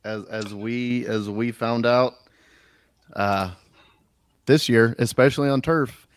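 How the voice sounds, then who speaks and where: A man's voice: mid-range voice, fairly even intonation, slow pace, clear, resonant tone, no echo. A man from Texas co-hosting a casual sports podcast, joking and teasing, often repeating his words. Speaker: podcast co-host.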